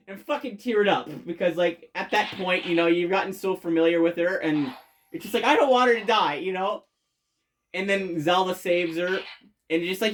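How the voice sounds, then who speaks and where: Swearing, rambling game reviewer. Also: medium pitch. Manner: rambling, swears constantly, many fillers and restarts; enthusiastic. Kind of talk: casual spoken game review.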